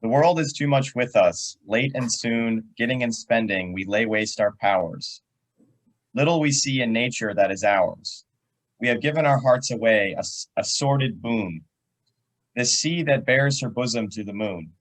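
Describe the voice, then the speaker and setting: A young man reading a poem aloud in an online class, steady and measured. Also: medium pitch, low-quality recording. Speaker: student. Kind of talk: poetry reading. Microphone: video call.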